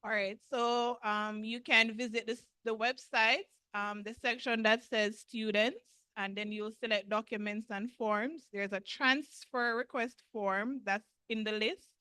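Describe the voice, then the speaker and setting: A woman representing a university, answering callers' questions in a steady, informative way with frequent pauses. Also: fairly high pitch, clean tone, no echo.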